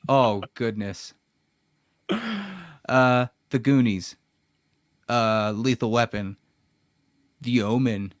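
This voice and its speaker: A man's voice: mid-range voice, fairly even intonation, very slow, pauses often, no echo. Young male podcast co-host, playful and profane, dry close-miked sound. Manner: joking, swears freely. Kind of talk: casual podcast chat.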